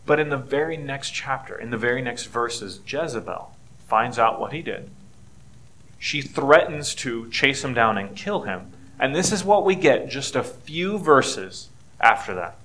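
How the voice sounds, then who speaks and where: Middle-aged male pastor, conversational sermon delivery, bright and forceful tone. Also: mid-range voice, lively intonation, measured pace. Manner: earnest, conversational preaching with rising emphasis.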